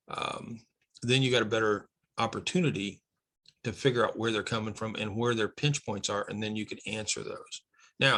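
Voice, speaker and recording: Folksy man with a bright voice. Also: mid-range voice. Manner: folksy, candid, repeats words while explaining. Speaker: real estate investing instructor. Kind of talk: teaching lesson walking through a chart.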